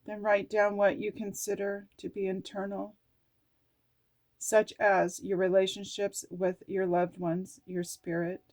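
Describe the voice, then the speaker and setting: Her voice is medium-pitched, monotone, a little slow and a little mellow as a woman reads aloud from oracle cards and her journal. She reflects personally, sounding emotional and musing, and swears casually now and then.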